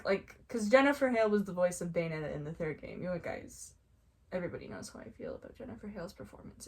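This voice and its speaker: A young woman telling stories casually, excitable and gushing, with squeals when she gets excited. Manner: excitable, quick swings into high squeals; gushing, heavy use of "like". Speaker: vlogger. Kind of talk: casual storytelling.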